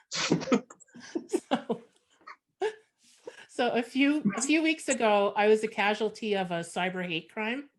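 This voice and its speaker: A woman from Montreal with a Canadian accent, performing a frank, sardonic stand-up set over a video call. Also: fairly low pitch. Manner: frank, sardonic, conversational with many fillers. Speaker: stand-up comedian.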